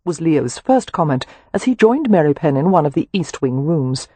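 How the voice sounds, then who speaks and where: Husky male audiobook narrator. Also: a little high, a little slow, no echo. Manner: steady, even storytelling. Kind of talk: scripted narration.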